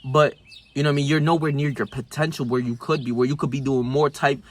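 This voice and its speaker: A young man talking casually into the camera, telling a story full of slang and swearing, and he gets animated when he acts out scenes. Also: medium pitch, fast talker. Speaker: self-improvement vlogger.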